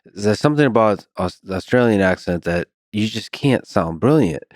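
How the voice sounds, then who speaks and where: Male podcast host, very deep, soft-spoken and measured, dead-dry studio sound. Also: expressive, dry recording. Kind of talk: casual conversation.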